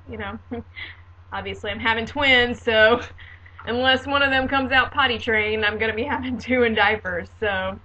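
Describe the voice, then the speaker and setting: A woman in her late twenties chatting casually on her video diary, sarcastic and quick to laugh. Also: fairly high pitch, bright, forceful tone, muffled recording, a little hiss or hum. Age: 20s. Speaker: vlogger.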